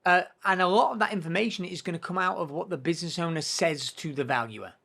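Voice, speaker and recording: A man's voice: a little high, fast talker, gravelly, bright, forceful tone. Earnest podcast host man. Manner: earnest, explanatory, frequent restarts. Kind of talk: podcast conversation.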